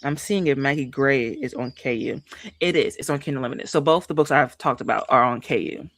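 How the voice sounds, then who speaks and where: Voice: medium pitch, fairly quick. A book streamer chatting casually on a livestream, emphatic and repeating phrases for effect while talking straight to viewers. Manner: chatty and animated, addresses viewers directly.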